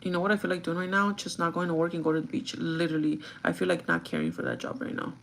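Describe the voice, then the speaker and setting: A woman's voice: low-pitched, lively intonation, quick pace, slight background noise. A woman chatting casually on a get-ready-with-me livestream, venting and swearing freely, slipping between English and Spanish. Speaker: vlogger.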